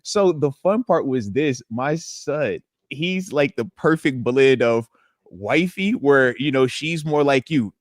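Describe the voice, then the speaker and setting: A man, a former pro football player, co-hosting a casual sports podcast and telling animated stories. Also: mid-range voice, takes it slowly, no echo, clean studio sound. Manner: animated storyteller, acts out voices.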